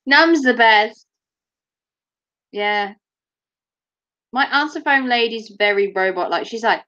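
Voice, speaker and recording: A woman's voice: mid-range voice, measured pace, long pauses, fairly bright tone, dull audio. A woman chatting casually to camera as a vlogger, giggly and teasing.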